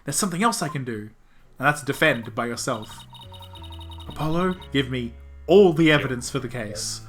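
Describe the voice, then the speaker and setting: A streamer reading the lines of an earnest, excitable young female lawyer in a near-normal voice. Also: medium pitch, moderate pace, soft background music, close to an everyday voice. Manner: read aloud in a near-normal voice.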